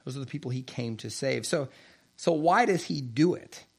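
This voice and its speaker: A man preaching a sermon, reading scripture aloud and slowing down to stress key phrases. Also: mid-range voice, expressive, creaky, slightly rough.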